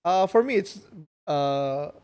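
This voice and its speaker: A man's voice: on the high side, expressive, takes it slowly, darkish tone, clear, resonant tone. A man co-hosting a podcast, talking with enthusiasm in casual chat and stumbling over words. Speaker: podcast co-host. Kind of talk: casual chat reviewing shows.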